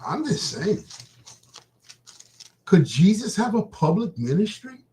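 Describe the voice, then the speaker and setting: A man's voice: high-pitched, sing-song, takes it slowly, dark tone, a little hiss or hum, rough recording. A man hosting a casual live stream. He chats loosely with his viewers, laughs often and reads Bible passages aloud. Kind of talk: casual chat and Bible reading.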